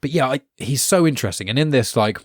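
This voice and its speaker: A man's voice: mid-range voice, animated, fast talker, no room sound, studio quality. A man co-hosting a podcast in casual chat, explaining at length with many fillers. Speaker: podcast co-host.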